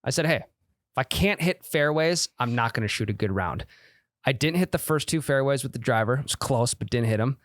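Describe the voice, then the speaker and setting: Joking podcast co-host, dry close sound. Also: male voice, medium pitch, fast talker, no echo. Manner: loose, joking, drops into sponsor-read patter. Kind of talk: casual chat with ad reads.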